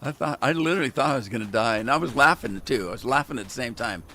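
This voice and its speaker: A man's voice: mid-range voice, lively intonation, fast talker, sharp tone, slight background noise. An older American man chatting and telling rambling stories while he streams a farming game, often chuckling. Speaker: gaming livestreamer. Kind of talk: casual chat while playing.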